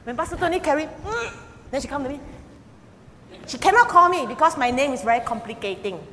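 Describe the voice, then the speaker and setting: An older woman preaches in a high, bright voice, animated and expressive as she tells family stories. Her words ring out with a long hall reverb, and faint noise sits underneath. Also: a little fast. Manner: animated storytelling, acting out quoted voices. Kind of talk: sermon.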